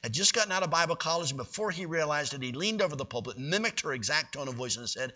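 A man preaching in a church, telling stories in a folksy, animated way. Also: on the high side, quick pace, few pauses. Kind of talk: sermon storytelling. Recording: dull, distant recording.

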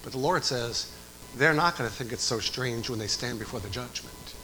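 A middle-aged man preaching a sermon as pastor, swinging from quiet talk to shouted exhortation. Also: mid-range voice, normal speed, poor audio.

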